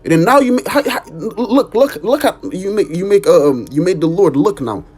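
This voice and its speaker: Husky man preacher, a bit high-pitched, emphatic and profane, reading verses between exhortations. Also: expressive, normal speed, darkish tone, faint music behind. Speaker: street preacher. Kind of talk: informal sermon with scripture reading.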